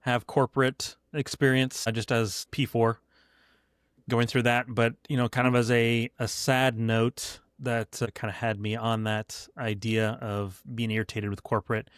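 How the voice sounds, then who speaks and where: A man co-hosting a podcast, speaking in a measured, reflective way with many fillers. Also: mid-range voice, level tone, clean tone, dry recording, clean studio sound. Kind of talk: casual podcast talk.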